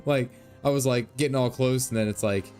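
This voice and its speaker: A man in his thirties giving casual gameplay commentary, quick to laugh and full of dad jokes. His voice sits at a middling pitch, and faint game music plays behind him. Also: darkish tone. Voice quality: laughs often, jokey dad humor, reads game lines aloud. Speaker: streamer.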